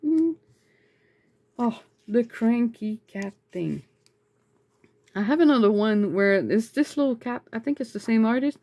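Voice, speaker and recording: A woman chatting casually as she unboxes sticker mail, excitable and chatty, breaking into high squeals over cute things. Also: a little slow, pauses often. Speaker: vlogger.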